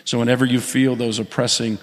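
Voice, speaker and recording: A man of middle pitch preaches a sermon with animated call-outs to his congregation. His voice carries a long reverb from a large church sanctuary. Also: brisk. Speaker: pastor.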